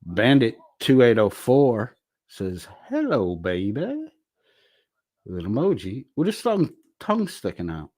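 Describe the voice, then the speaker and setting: A man's voice: medium pitch, very animated, a little slow, a little mellow, no room sound, clean studio sound. A man hosting a livestream, reading viewer comments aloud with profane, wisecracking asides. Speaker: livestream host reading chat.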